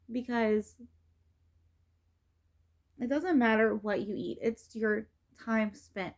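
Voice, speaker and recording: A woman's voice: a little high, slow pace, pauses often. A middle-aged woman vlogging in a casual, rambling way, with many fillers and restarts. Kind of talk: casual rambling vlog talk.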